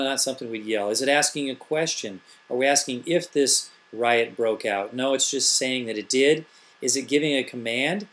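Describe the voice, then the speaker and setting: A man's voice: medium pitch, fairly bright tone. A middle-aged man, an elementary school teacher, patiently explaining grammar step by step and asking rhetorical questions. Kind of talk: classroom grammar tutorial.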